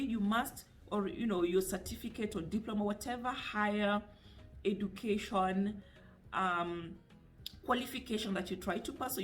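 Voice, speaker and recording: Chatty Kenyan woman giving money advice. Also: medium pitch. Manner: chatty and direct, mixing in Swahili phrases. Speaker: personal finance YouTuber. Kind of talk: casual talk to camera.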